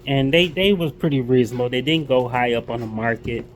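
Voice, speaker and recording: A man talking casually in a vlog as he shows off his new sneakers, relaxed and loose, often repeating words as he goes. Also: medium pitch, fairly quick. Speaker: sneaker collector showing his pickups.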